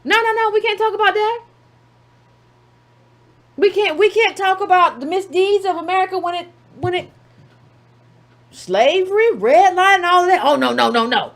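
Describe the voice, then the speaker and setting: A woman's voice: extremely high pitch, animated, normal speed, pauses often, fairly bright tone. A woman giving a sarcastic political commentary monologue, full of rhetorical questions and mocking asides.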